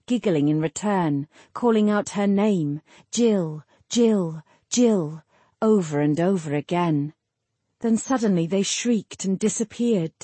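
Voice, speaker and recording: A woman narrating a fantasy novel in a measured, lyrical storytelling manner. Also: medium pitch, dark tone, husky, no echo. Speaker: audiobook narrator. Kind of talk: scripted narration.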